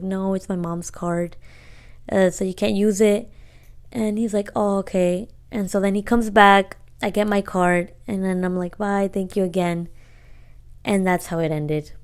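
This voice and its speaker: A woman's voice: mid-range voice, a little mellow. A woman in her twenties telling a story in casual, slangy talk, re-enacting dialogue as she goes. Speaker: podcast co-host.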